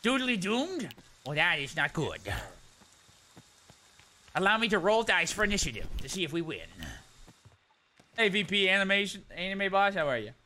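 A man's voice: sits high, animated, normal speed, pauses often, bright, forceful tone, a little hiss or hum. A man from Texas clowning around in game voice chat, theatrical and silly, hopping between put-on voices. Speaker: game player. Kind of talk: goofy in-game voice chat role-play.

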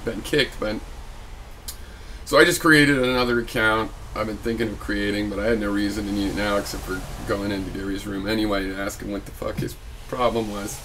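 A man's voice: fairly low pitch, level tone, brisk, a bit bright, a little hiss or hum. A man giving a casual spoken video reply, rambling with many fillers and restarts and growing heated and argumentative. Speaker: video blogger.

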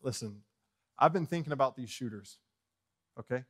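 A man preaching a sermon as pastor in a church, bold and fiery, swinging from loud proclamations to quiet asides and jokes with the congregation. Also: mid-range voice, expressive, moderate pace, husky. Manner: joking with the congregation. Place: church sanctuary.

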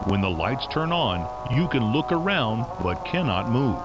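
A calm game test announcer. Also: male voice, mid-range voice, unhurried, loud music behind the voice, rough recording. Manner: calm instructional.

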